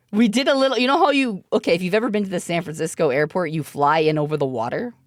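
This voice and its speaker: A woman's voice: on the low side, fast, no echo, clean studio sound. A woman from Canada telling a profane, giggly story casually to her stream chat.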